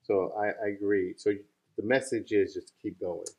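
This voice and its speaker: A man's voice: on the low side, fairly even intonation, normal speed, warm tone, poor audio. A man hosting a casual interview, encouraging his guest with many short agreements. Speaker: host.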